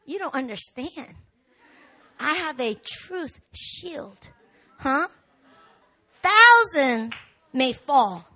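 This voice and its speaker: A woman pastor preaching a sermon, animated and rising to shouts in the swells of her message. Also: high-pitched, drawn-out words, pauses often. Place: church hall.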